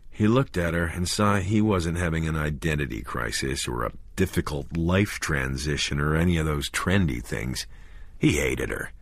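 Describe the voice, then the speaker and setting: A man narrating a horror audiobook in a measured, deliberate way. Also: low voice, dry recording.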